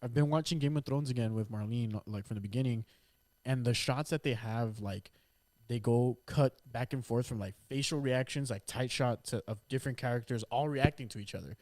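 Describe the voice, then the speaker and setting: A man's voice: mid-range voice, a little fast, darkish tone, no echo. A man cohosting a podcast, giving blunt, opinionated takes in casual chat and cursing freely.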